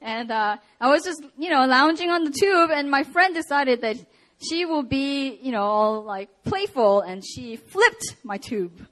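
A young woman preaching a sermon and telling a personal story, animated with laughs and acted-out quotes. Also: high-pitched, measured pace.

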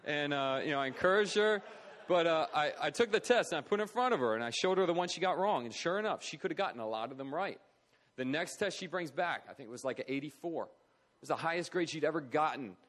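Speaking fast and animatedly in a slightly bright voice on the high side, a middle-aged man shares his own story at a charity event. His delivery is earnest and conversational, and he performs the voices of people he quotes.

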